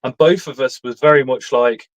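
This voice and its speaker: A man's voice: medium pitch, steady tone, moderate pace, poor audio. A man in his forties hosting a casual live stream chat, joking and rambling as he talks.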